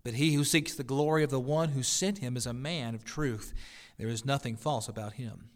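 A man's voice: medium pitch, moderate pace, natural voice. Brief: firm, solemn teacher, read by a male pastor in a mid-range voice.

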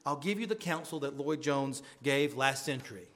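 A man's voice: mid-range voice, moderate pace, a bit bright. A male pastor preaching a sermon with earnest emphasis, his voice rising on pointed questions.

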